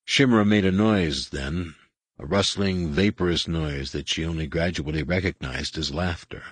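Deep husky male audiobook narrator. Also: a bit bright, no room sound. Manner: measured, dramatic storytelling. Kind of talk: scripted narration.

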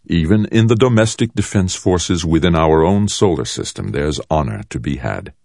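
A man's voice: a bass voice, expressive, creaky, darkish tone, dry recording, clean studio sound, exaggerated voice. A man playing a stern, cool military colonel. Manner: measured, cool, controlled.

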